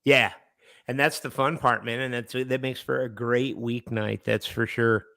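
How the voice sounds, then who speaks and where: Rambling male podcast co-host, smooth voice. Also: mid-range voice, fairly even intonation, unhurried, bright, forceful tone, no room sound. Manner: rambling, repeats and restarts, says "man". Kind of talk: casual comedy podcast chat.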